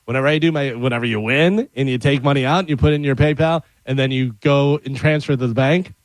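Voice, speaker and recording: A man's voice: mid-range voice, fast, no echo, poor audio. A man chatting on a morning radio show. He tells everyday stories with energy and bounces into quoted voices. His voice sits mid-range and sounds close and dry in the studio. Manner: animated storyteller, acts out quotes. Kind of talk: casual chat.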